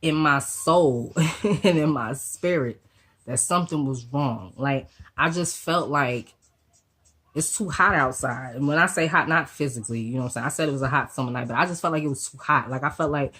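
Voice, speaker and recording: A woman with a low, husky voice, still getting over a cold, tells a story straight to her viewers. She talks fast and loose, full of slang and swearing, and keeps the story moving with lively asides. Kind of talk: casual storytime vlog.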